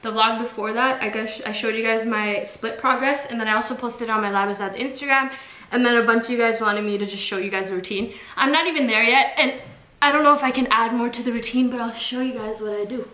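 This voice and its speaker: Woman vlogger, slightly high voice, casual and breathless, roomy echo. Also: quick pace, hardly any pauses, pushed and bright. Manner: chatty, lots of filler "like". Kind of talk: casual demonstration. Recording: echoey room, faint noise.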